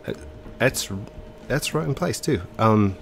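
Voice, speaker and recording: Slow-talking man with put-on English accent. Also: medium pitch, animated, gravelly, a little hiss or hum. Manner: hesitant, with frequent ums and self-corrections. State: stuffy, congested nose. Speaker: let's play host. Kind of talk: game commentary.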